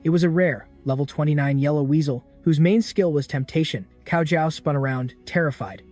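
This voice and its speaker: A man narrating a story recap in a brisk, dramatic scripted style. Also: fairly high pitch, darkish tone. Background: faint background music.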